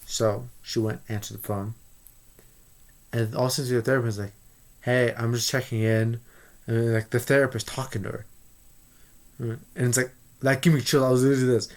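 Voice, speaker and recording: A man giving a casual spoiler review of a movie, rambling and excitable with many restarts. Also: mid-range voice, brisk, pauses often.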